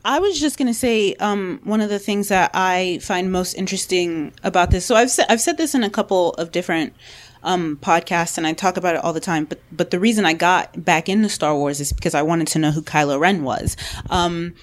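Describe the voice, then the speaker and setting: A woman's voice: fairly low pitch, a little fast. A woman in a casual book-club chat, thoughtful and a little hesitant, with frequent ums.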